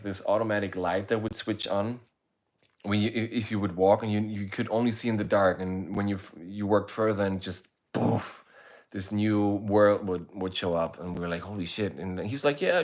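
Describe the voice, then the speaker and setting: A low-voiced middle-aged man hosts a relaxed livestream, drifting through a rambling story and swearing freely as he goes. His delivery is loose and unhurried, like easy chat with viewers. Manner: laid-back, rambling, swears freely, reads out viewer comments. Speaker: musician hosting a livestream. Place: indoors, streaming while away on travel.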